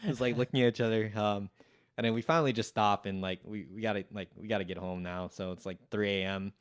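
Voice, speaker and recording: Young man, podcast guest, slightly low voice, dry sound, rambling, profane, acts out quotes. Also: steady tone, fast, clean tone, dry recording. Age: young adult. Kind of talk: casual storytelling.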